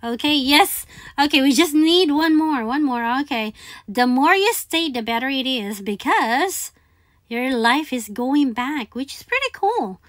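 A woman giving excited gameplay commentary, chanting repeated commands and calling game characters buddy. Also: sits high, unhurried, no room sound, clean studio sound. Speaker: gaming channel host.

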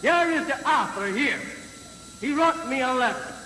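High-pitched man preaching slowly in an echoey hall. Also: lively intonation, pushed and bright. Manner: slow, emphatic, repeated rhetorical questions to the crowd; halting with frequent fillers and restarts. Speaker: religious leader addressing a crowd. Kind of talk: preaching speech to a live audience. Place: large hall with an audience. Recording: echoey hall, noisy 1950s archive recording.

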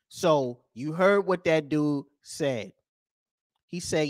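A man hosting a podcast, ranting over news clips with profanity and rhetorical questions, swinging between loud and soft. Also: on the high side, drawn-out words, pauses often, dry recording, studio quality. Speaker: podcast host.

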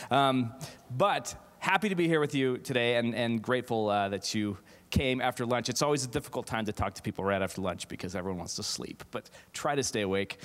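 A middle-aged man giving a humorous keynote as a theater professor, self-deprecating, with many fillers and restarts. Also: medium pitch. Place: large auditorium. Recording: echoey hall reverb.

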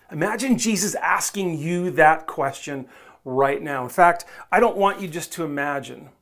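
A pastor preaching a sermon in a relaxed, conversational way, coaxing listeners and acting out the voices they might hear in their heads. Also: mid-range voice, normal speed. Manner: conversational, coaxing, asks the audience directly; acts out quoted inner voices.

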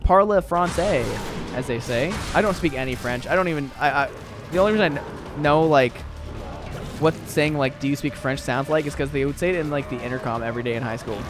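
A man's voice: medium pitch, quick pace, music in the background. A young man streaming a game, chatting casually with viewers and rambling with lots of fillers. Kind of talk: casual live-stream chat.

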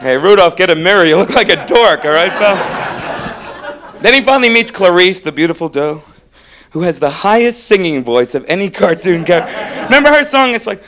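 A young man doing a stand-up comedy set on stage, animated and mocking, slipping into character voices. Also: sits high, fairly quick, some chatter behind. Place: comedy club stage before a live audience. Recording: live club recording with audience laughter.

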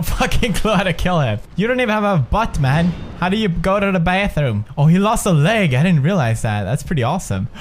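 A man's voice: on the high side, slight background noise. A young man with a Swedish accent commentating on a video game as he plays, joking, swearing, muttering to himself and yelping when things go wrong. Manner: excitable, jokey, swings from mutters to yelps. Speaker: gaming video host.

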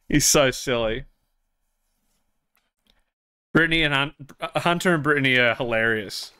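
A man streaming a roleplay game, chatting casually with viewers, animated and laughing often as he thanks them. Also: mid-range voice, unhurried, long pauses, clear, resonant tone.

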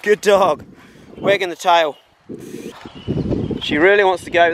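A man training his dog outdoors on rural land, chatting and explaining as he goes, with high-pitched calls and praise for the dog. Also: steady tone, measured pace, pauses often, loud music behind the voice, rough recording. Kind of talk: casual outdoor training demo.

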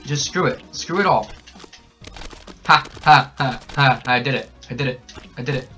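A young man hyped up on energy drinks, narrating his gameplay, yelling and cackling at every death and win. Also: mid-range voice, normal speed, soft background music. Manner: excitable, shouts and cackles at the game. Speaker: gaming channel host. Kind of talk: hyper gameplay commentary. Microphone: desk mic with a camera nearby.

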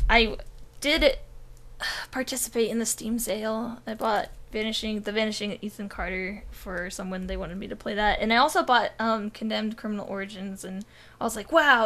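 In a sharp-toned mid-range voice, a young podcast co-host drifts through a long story. Her casual talk is full of swearing and the word "like."

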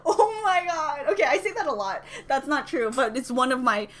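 A woman hosting a reaction vlog, talking casually and gushing with excitement, full of exclamations. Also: high-pitched, normal speed. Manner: gushing, exclamatory, squealing with delight. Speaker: reaction video host.

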